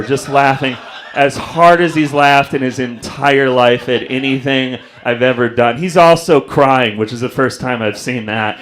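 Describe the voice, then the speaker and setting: A young man doing a stand-up comedy set on a club stage, telling self-deprecating stories and acting out the people in them. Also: mid-range voice. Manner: self-deprecating storytelling, acts out voices.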